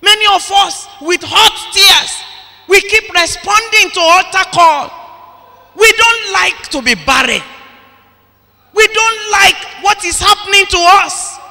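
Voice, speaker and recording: A man preaching a sermon in an impassioned way, often breaking into shouts. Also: very high-pitched, expressive, slow pace, creaky. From Nigeria. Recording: long hall reverb.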